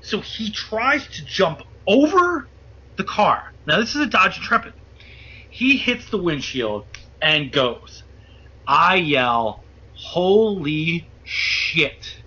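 A man telling a wild story as a guest, animated and profane, acting out the voices of the people in it. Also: high-pitched, slow, slightly rough. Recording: muffled lo-fi audio.

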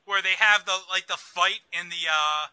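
Eager guy rambling about old matches, super bright tone. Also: high voice, steady tone, normal speed, smooth, no room sound, rough recording. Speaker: wrestling podcast co-host. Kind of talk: casual chat.

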